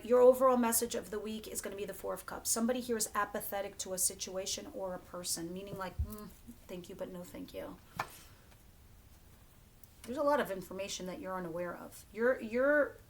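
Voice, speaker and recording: A woman's voice: mid-range voice, background noise. A woman giving a casual tarot reading to her viewers, chatty and blunt, swearing freely and talking straight to them. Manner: addresses viewers directly. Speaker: tarot reader.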